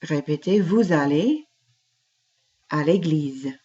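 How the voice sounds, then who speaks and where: A woman's voice: low voice, animated, slow pace, dark tone. A woman teaching a French lesson, speaking patiently, saying French phrases and then translating them. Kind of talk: classroom language lesson. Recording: dull lo-fi recording.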